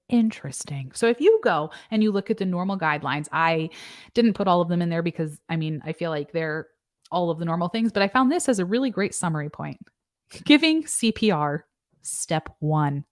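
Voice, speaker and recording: A young woman nurse practitioner talks through guidelines on a casual livestream, joking with asides and reading out viewer comments. Her voice sits a little low for a woman. The sound is dry and close, with no room echo. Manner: chatty and joking, with asides and fillers. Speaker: nurse practitioner and channel host.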